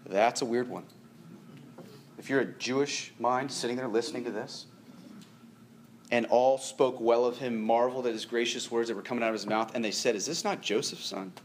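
A man preaching a sermon to a congregation, animated, rising in pitch and force when he presses a point. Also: normal speed, a little hiss or hum. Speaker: pastor.

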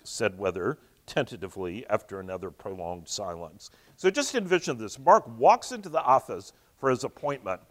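Male host who reads a book aloud and explains it, lively, mid pitch. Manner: explanatory, alternates reading with asides. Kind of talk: reading a novel aloud with commentary.

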